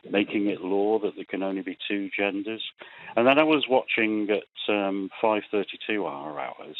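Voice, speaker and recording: Male caller, low voice, anxious and halting, tinny dry phone line. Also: no echo. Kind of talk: phone-in call.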